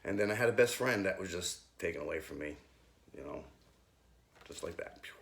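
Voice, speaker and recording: A man, a youth group leader, giving a halting, nervous personal faith testimony full of ums. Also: deep voice, expressive, vocal fry, fairly bright tone, roomy sound, slight background noise. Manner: hesitant, halting, many ums.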